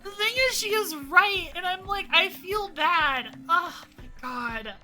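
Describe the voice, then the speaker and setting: Young woman gaming streamer, emotional and profane, bright and high, soft music behind. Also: animated, unhurried. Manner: emotional, swings between wails and murmurs, swears. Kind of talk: let's play commentary. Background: lofi music.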